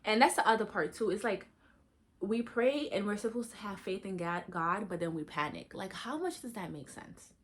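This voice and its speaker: A young adult woman vlogging in a casual, candid chat while getting ready, talking in animated, slangy bursts that jump high for emphasis. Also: normal speed, a little hiss or hum.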